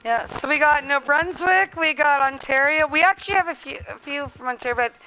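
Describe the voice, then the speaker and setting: A woman's voice: high voice, fairly quick, sharp tone, slight background noise, poor audio. A woman from Western Canada with a Canadian accent, chatting casually with friends while streaming a game, laughing, teasing and swearing freely. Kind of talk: casual gaming chat with friends.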